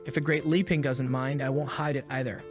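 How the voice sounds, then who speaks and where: A man's voice: medium pitch, flat delivery, a little fast, music in the background, natural voice. A man voicing a brave, devoted middle-aged warrior father, earnest and protective, in a story recap.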